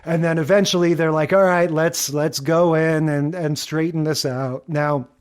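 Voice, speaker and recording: A man co-hosting a podcast, casually recapping an old sitcom episode in a wry, relaxed way, chuckling as he talks. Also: a little high, normal speed, clear, resonant tone. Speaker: podcast co-host.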